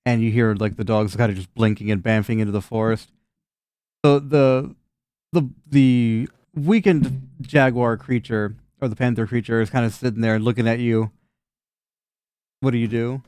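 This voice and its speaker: A man's voice: mid-range voice, steady tone, normal speed, darkish tone, clean tone, dry recording, clean studio sound. A man narrating a tabletop game as game master, casual and joking, with lots of swearing and fillers. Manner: casual, laughing, swears often, many fillers.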